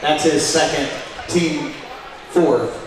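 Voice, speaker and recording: A man making formal public address announcements of fouls and substitutions at a basketball game, in a flat, formulaic delivery. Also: a little high, slow. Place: gym public address system. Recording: echoey PA heard from far off in a noisy gym.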